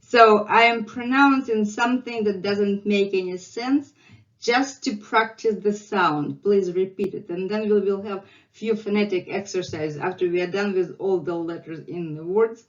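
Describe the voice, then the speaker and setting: With a Russian accent, a woman teaches the alphabet slowly, patiently drilling each sound over and over. Her voice is mid-range and a little slow, and the recording has a lo-fi quality.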